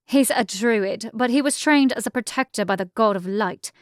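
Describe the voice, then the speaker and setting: A woman's voice: fairly high pitch, moderate pace, no room sound, studio quality, lightly acted. A woman voicing a cold, cultured villainess and mother with an English accent, speaking in an icy, clipped way. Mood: scheming.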